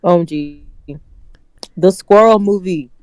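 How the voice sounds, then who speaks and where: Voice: medium pitch, takes it slowly, darkish tone, no room sound, highs cut off. Chatty podcast voice on a glitchy call. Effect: glitchy online call audio that cuts out. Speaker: podcast co-host. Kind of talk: casual chat.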